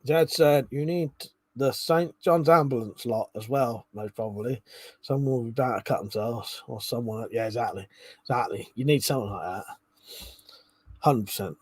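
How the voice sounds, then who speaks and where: A man's voice: mid-range voice, normal speed, a little mellow, slightly rough, no room sound. A man hosting a casual livestream, reading viewers' comments aloud, chuckling and swearing freely. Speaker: livestream host reading chat. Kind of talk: casual chat.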